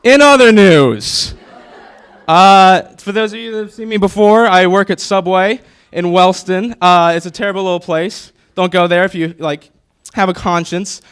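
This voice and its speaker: A man's voice: high voice, normal speed, fairly bright tone, smooth. A man in his twenties doing a stand-up comedy set on stage before a live audience, nervous and rambling, with many fillers. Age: 20s.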